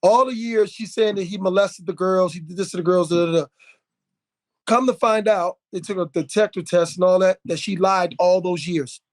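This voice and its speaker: A man in a casual podcast conversation, telling a story in an animated, indignant way. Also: high voice, normal speed. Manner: animated storyteller, indignant, many fillers and restarts.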